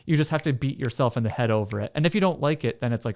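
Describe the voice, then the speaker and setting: A man, a piano teacher, chatting as a guest on a podcast, talking loosely with lots of filler words and laughing easily. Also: medium pitch. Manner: quick to laugh. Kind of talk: casual podcast chat.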